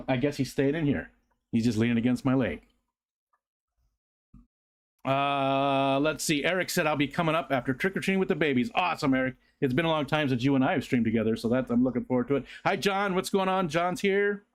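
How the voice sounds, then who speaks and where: Easygoing man chatting on a home livestream. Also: fairly quick. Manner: rambling, easygoing, many fillers; rises to a high sing-song baby voice when talking to his dog. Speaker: livestream host. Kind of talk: casual chat reading viewer comments. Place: home room.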